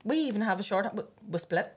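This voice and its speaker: A woman's voice: medium pitch, fast, a little hiss or hum. A Northern Irish woman in her thirties hosting a podcast, chatting casually and telling stories with lots of laughter. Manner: lively storyteller, laughs often. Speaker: podcast host. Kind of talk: casual chat.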